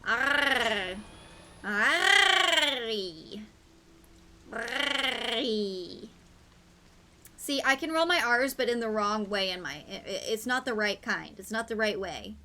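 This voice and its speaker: A woman's voice: medium pitch, lively intonation, fairly quick, hardly any pauses, noisy background. A young woman streaming a game, chatting casually in a playful, giggly way. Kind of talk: casual gaming stream chat.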